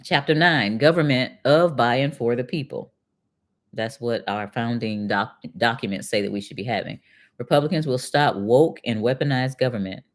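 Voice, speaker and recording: A woman's voice: very deep voice, normal speed. Middle-aged woman reacting to a document. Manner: conversational, reads passages aloud then reacts with pointed questions. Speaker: channel host and retired accountant. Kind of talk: casual commentary reading a document aloud.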